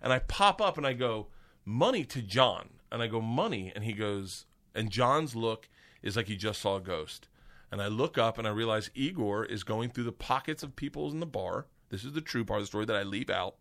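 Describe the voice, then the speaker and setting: A middle-aged comedian telling a long story in casual chat, animated and profane, jumping his voice up high to act out the people in it. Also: brisk. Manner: animated, profane, acts out characters with big pitch jumps. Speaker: comedian guest.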